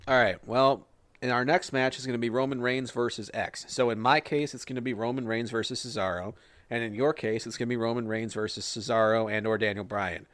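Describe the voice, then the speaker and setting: A man's voice: mid-range voice, steady tone, fairly quick, a bit bright, dry recording. A man co-hosting a casual wrestling podcast, joking and swearing as he rambles through predictions. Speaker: podcast co-host.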